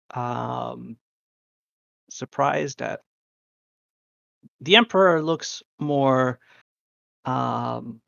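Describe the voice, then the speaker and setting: A man narrating as game master, halting with many ums, his allergies acting up. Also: medium pitch, vocal fry, dry recording. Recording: dull, dry lo-fi mic.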